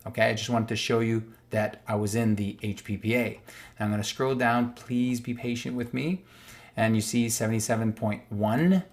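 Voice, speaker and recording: A man from Canada reading a legal document aloud on screen and explaining it emphatically, repeating the key points. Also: mid-range voice. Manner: emphatic and repetitive, stressing key words; reads passages aloud, then restates them plainly. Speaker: online commentator.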